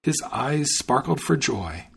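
Male podcast host narrating folk tales; gravelly, husky voice with plenty of pitch movement. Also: big pitch swings, slow pace. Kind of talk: storybook narration.

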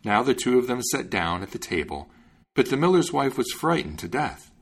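A man reading a fairy tale aloud, lively and expressive, acting out the voices. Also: mid-range voice, normal speed, breathy edge. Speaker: storyteller.

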